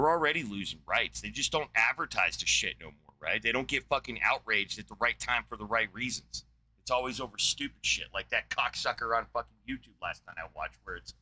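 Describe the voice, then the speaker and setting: A man's voice: mid-range voice, bright, forceful tone, a little hiss or hum, low-quality recording. A man in his forties from New Mexico, ranting angrily on his podcast with constant swearing and rambling asides. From New Mexico, USA. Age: 40s. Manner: angry, rambling, heavy swearing. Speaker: podcast host. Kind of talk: profane solo rant.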